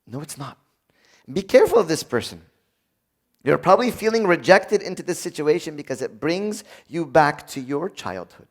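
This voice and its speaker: A man's voice: high voice, very animated, moderate pace, long pauses. A middle-aged man preaching a conversational sermon, acting out quoted voices along the way.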